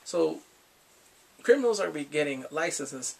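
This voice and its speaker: A man's voice: a little high, expressive, unhurried, gravelly, breathy edge, far from the mic. A man casually recapping and reviewing a TV episode, laughing often and acting out characters' lines.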